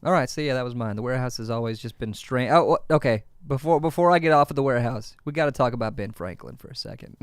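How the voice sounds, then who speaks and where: A man's voice: medium pitch, fast talker, hardly any pauses, clean tone, dry recording, studio quality. A young man co-hosting a podcast, chatting casually and laughing often as he talks. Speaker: podcast co-host, band member. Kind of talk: casual chat. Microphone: podcast mic.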